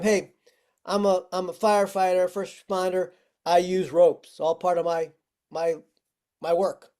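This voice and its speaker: A man's voice: sits high, warm tone. A man teaching firefighters over a video call, friendly and walking through simple tricks step by step. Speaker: firefighting instructor. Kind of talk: virtual training lesson.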